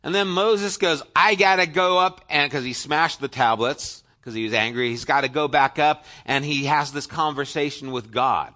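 A man preaching a sermon, retelling a story with conversational asides and dropping to a soft, low voice for emphasis. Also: moderate pace, hardly any pauses.

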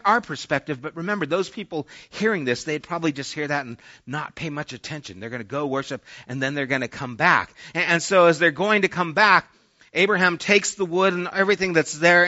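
A pastor preaches conversationally, sometimes acting out the voices of characters in the story he tells. His voice is on the high side, bright and forceful, captured in dull lo-fi sermon audio.

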